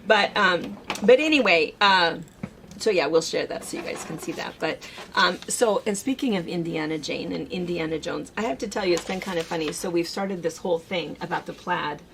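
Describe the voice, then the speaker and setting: A woman's voice: on the low side, moderate pace, gravelly, fairly bright tone, slight background noise, low-quality recording. A woman co-hosting a casual chat, telling stories in a chatty way and laughing often. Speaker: co-host.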